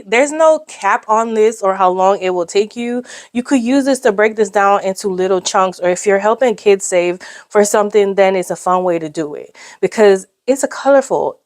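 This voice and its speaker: Gushing woman reviewing a savings book. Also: mid-range voice. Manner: gushing, excitable, squeals over cute pictures; chatty, addresses viewers as y'all and babes. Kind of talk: casual product review vlog. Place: indoors at home.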